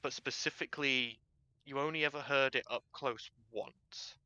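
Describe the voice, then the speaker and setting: A man's voice: mid-range voice, fairly even intonation, normal speed, sharp tone, clean tone, lo-fi sound. A man narrating as game master of a tabletop game, descriptive and chatty. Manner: descriptive, uses fillers.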